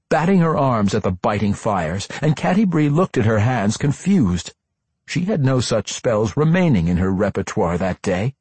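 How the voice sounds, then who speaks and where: A man narrating a fantasy audiobook in an expressive, dramatic reading with character voices. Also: medium pitch, moderate pace, breathy edge, no room sound.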